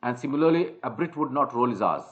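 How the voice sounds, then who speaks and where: A man's voice: mid-range voice, lively intonation, fast talker, muffled recording. A man with an Indian accent coaching a trainee one-on-one, lecturing with many fillers and restarts. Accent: Indian English. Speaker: soft skills trainer.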